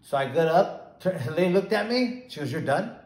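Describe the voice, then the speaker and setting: A man's voice: high-pitched, animated, moderate pace, darkish tone, reverberant, poor audio. Talkative middle-aged man, rambling story. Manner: rambling, acts out both sides of dialogue. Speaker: former boxer, bail bondsman. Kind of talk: casual storytelling interview.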